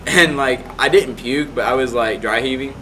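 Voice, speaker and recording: A man's voice: medium pitch, moderate pace, pushed and bright. A young man casually telling a rambling story, full of "like" fillers.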